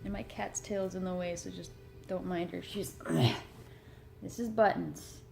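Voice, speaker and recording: A woman's voice: fairly low pitch, steady tone, a little slow, vocal fry, darkish tone, faint music behind. A woman vlogging at home, chatting in a rambling, earnest, self-deprecating way about motivation. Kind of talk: rambling casual chat. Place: home room with her cat.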